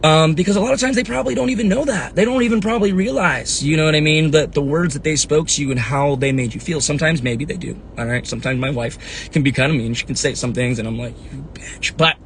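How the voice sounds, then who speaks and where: An earnest man in his thirties talks casually into a phone mic, his voice sitting a little high for a man. He keeps checking in with the listener. A faint rumble runs underneath. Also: quick pace, creaky. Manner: earnest, conversational, lots of "right?" and "you know what I mean". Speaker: fitness coach and motivational talker. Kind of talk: casual live talk. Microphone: phone or webcam.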